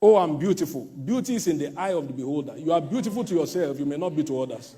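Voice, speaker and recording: A male pastor delivering an emphatic sermon, swinging between shouted warnings and hushed asides. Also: fairly high pitch, lively intonation, fast talker.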